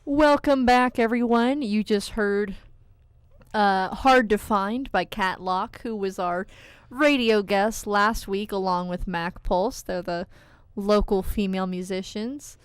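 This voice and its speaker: A woman's voice: medium pitch, slow, clean tone, no echo, clean studio sound. A woman co-hosting a radio show in casual chat, chatty and steering the talk back on track.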